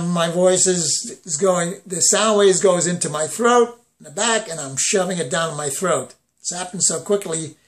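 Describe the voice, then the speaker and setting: High-voiced man teaching singing, slow and deliberate. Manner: slow, explanatory, breaks into sung phrases to demonstrate. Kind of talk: vocal lesson with sung demonstrations.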